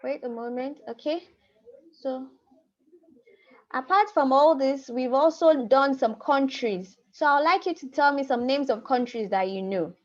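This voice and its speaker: A woman's voice: high-pitched, unhurried. A woman teaching a language class over a video call, patiently repeating words and prompting her students. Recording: muffled video call audio.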